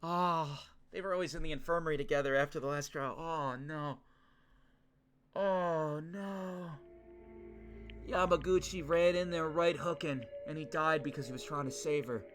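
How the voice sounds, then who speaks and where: A young man streaming a game, reacting emotionally, shouting and swearing at the screen, with faint game music underneath. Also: fairly high pitch, brisk, few pauses. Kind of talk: emotional live gameplay reactions.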